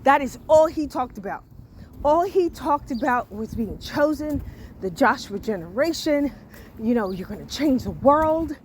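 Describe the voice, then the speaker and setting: A woman's voice: high voice, slight background noise. A woman hosting a podcast, talking frankly in a casual solo monologue and often asking "you understand?". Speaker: podcast host.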